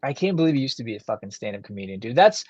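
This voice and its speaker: A man co-hosting a podcast, talking in a rambling, animated way with fast bursts and lots of swearing. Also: medium pitch, crowd noise. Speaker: podcast co-host. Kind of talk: casual chat with heavy swearing. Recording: dull lo-fi dry sound.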